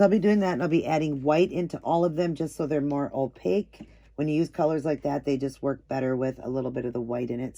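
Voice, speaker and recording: A woman's voice: a bass voice, a little mellow. Middle-aged woman, nail art host, casual tutorial talk, chatty, rambling. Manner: chatty, rambling, repeats herself.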